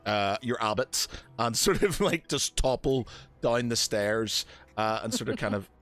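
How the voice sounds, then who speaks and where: A man's voice: lowish voice, expressive, a little slow, fairly bright tone, faint music behind. A man running a tabletop game as game master, hesitant, with many fillers, restarts and laughs.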